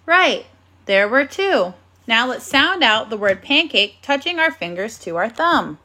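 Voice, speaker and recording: A woman teaching a phonics and grammar lesson to young children, speaking slowly and carefully in an encouraging classroom manner. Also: a little high, very animated, pushed and bright.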